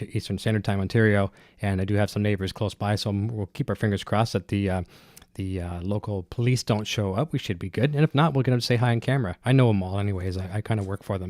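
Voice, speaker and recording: A man's voice: lowish voice, a little mellow, no echo. Congested man rambling on a livestream. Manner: rambling, many fillers and restarts. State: congested with a cold, breathing heavily. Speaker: guitar gear livestream host. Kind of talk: casual live-stream chat, reading viewer comments. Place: home studio. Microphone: dynamic broadcast mic close up.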